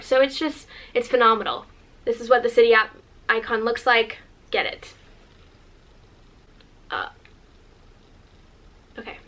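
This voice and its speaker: A bubbly woman in her twenties talks straight to camera in a rambling, gushing vlog. Her voice sits a little high, and she pads her sentences with likes. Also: fairly bright tone. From Northern California, USA. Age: 20s. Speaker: vlogger. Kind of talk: casual chatty vlog.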